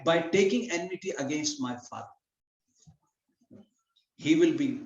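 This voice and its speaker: A man giving a devotional scripture class, explaining Sanskrit verses phrase by phrase in a lively storytelling way. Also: medium pitch. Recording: roomy, slightly dull hall recording.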